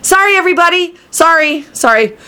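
A woman voicing a flustered young mother who rushes out apologies in a breathless way. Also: very high voice, animated, bright, forceful tone, voice pushed up, heavily acted.

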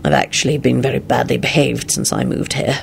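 Brief: weary protective wizard man, quiet and low, a little gravelly, read by a woman. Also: fairly even intonation, brisk, a little hiss or hum, exaggerated voice. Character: weary protective male wizard, middle-aged.

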